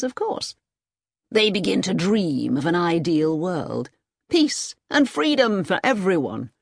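A woman voicing an agitated male army colonel in an audiobook reading, loud and urgent. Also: lowish voice, no room sound, studio quality, full character voice.

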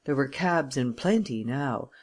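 Steady audiobook narrator, period novel. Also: medium pitch, measured pace, breathy edge. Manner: even, steady storytelling. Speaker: audiobook reader. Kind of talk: first-person scripted narration of a period novel.

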